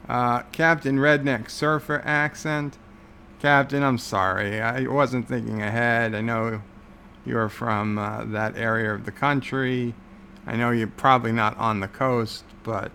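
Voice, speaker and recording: Male livestream host, gravelly, slow-talking, sarcastic rambler, faint hum in the room. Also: mid-range voice, fairly bright tone. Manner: rambling, sarcastic, many filler words. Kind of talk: casual livestream chat.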